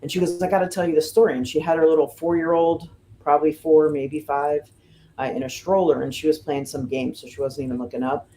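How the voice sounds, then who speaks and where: Speaking as a guest in an interview, a middle-aged American woman who is a fire lieutenant tells stories in a chatty way, filling her speech with "you know" and "um" and giving lively voices to the people she quotes. Her voice is low-pitched and a little fast, with slight background noise.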